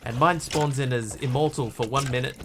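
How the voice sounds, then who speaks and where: Against a noisy background, a medium-pitched man from New Zealand, his accent with a touch of Australian, streams a game. He chats casually and reads chat aloud, halting and rambling as he goes.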